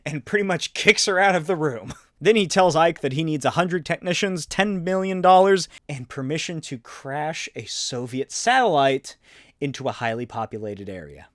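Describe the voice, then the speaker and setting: Brief: man, wry comic review host, a bit high, dry recording. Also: expressive, moderate pace, a bit bright, no room sound. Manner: wry, joking asides. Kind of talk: casual comic recap.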